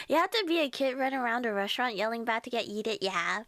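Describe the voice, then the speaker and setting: A giggly young woman streams and chats casually with her viewers. Her voice sits high and swoops around a lot. The sound is dry and close, with no room around it. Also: lively intonation, moderate pace, long pauses, a bit bright, no room sound. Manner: bubbly, giggly, reading chat aloud. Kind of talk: casual live-stream chat.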